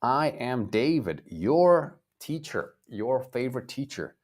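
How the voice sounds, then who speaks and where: A man from the United States teaching a live online English lesson, speaking slowly and clearly, repeating words and acting out feelings for his viewers. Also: mid-range voice, sing-song, a little mellow.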